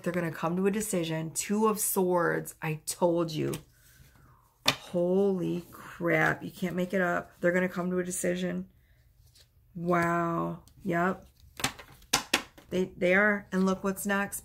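A woman with a gravelly edge to her voice reads tarot cards for her viewers. She talks casually and excitedly, exclaiming and swearing freely as she goes. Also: on the low side. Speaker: tarot reader. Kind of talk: casual tarot reading vlog.

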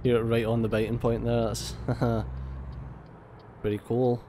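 A young man with a Scottish accent talks through his gameplay in a profane, teasing rant at the other drivers. His voice sits in an ordinary middle pitch. A clear steady hum runs under the recording. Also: measured pace. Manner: profane, mock-angry banter at other drivers. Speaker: let's play host. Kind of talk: gameplay commentary.

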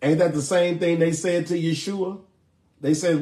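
A man's voice: a little high, normal speed, mellow. A man preaching a sermon, reading scripture aloud and checking in with his listeners in a conversational way. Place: church in Chicago. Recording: echoey room.

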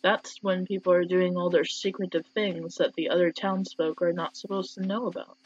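A woman's voice: lowish voice, flat delivery, normal speed. A woman giving casual let's-play commentary, chatty and wry, with joking asides as she plays. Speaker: game player. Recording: dull lo-fi with faint hiss.

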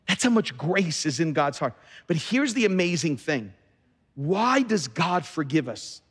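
A man's voice: high voice, sing-song, a little slow, husky. A man preaching a sermon as pastor in a large church, emphatic and often repeating words as he starts sentences. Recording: long reverb of a large hall.

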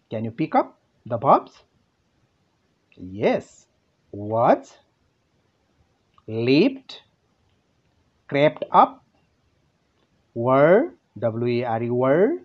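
A male English teacher with a Nepali accent walks pupils through a lesson, asking questions and answering them himself. His pitch rises and falls a lot, and the delivery is very unhurried. The voice is a little husky, and the recording sounds dull and lo-fi. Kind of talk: classroom lesson narration.

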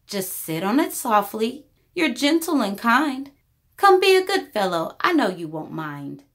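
A woman voicing a lazy, flighty female bird in a storybook read-aloud, coaxing in a high sing-song voice. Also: sing-song, unhurried. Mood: pleading.

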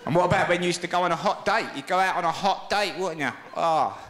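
A middle-aged man doing a live stand-up routine, telling stories in an animated, shouty way. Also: sits high, fast, a little hiss or hum. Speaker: stand-up comedian. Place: large theatre with live audience. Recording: echoey live hall with loud audience laughter.

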